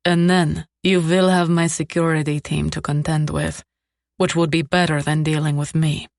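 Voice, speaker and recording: A woman voicing a cold, commanding male crime boss who speaks calmly and with clipped threat. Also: low-pitched, moderate pace, no room sound, clean studio sound. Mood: menacing.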